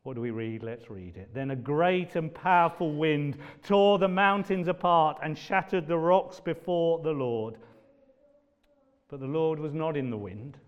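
A man preaching slowly and deliberately, letting each phrase land, his voice sitting a little high for a man. He swings from loud declarations to hushed, near-whispered lines. The sound is dull and lo-fi, with a long reverb trailing off in a large hall. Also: clean tone. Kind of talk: sermon.

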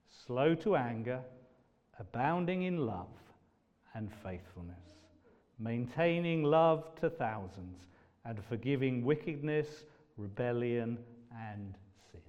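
A man preaching a sermon, moving from loud, ringing declarations to hushed, almost whispered lines. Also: medium pitch, animated. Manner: slow and dramatic, swings from loud declaiming to hushed near-whispers. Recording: dull audio with long hall reverb.

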